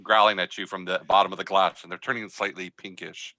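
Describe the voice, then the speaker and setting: A man narrating a tabletop game as game master, telling the scene in a loose, halting way with many fillers. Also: low-pitched, flat delivery, bright, forceful tone, no echo. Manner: hesitant, filler-heavy storytelling.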